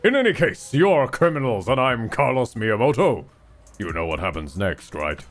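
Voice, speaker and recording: A man's voice: mid-range voice, big pitch swings, moderate pace, soft background music, close to an everyday voice. A British man reading aloud the lines of a pompous young male fighter who plays detective, with mock gravity. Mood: smug.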